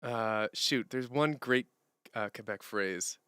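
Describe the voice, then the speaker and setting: A man on a live stream, talking loosely and rambling as he answers chat from a hardwood floor at home. His voice is smooth and crisp in a dry, close-miked sound. He laughs easily between thoughts. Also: medium pitch, takes it slowly, pushed and bright, no echo. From Canada. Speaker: streamer and musician.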